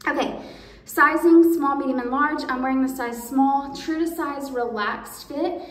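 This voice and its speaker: A chatty woman in her thirties gushes about clothes to her viewers in a casual try-on video. Her voice sits a little high, and it is recorded from a distance in an echoey indoor room. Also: a little slow. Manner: gushing, chatty, addresses viewers as y'all.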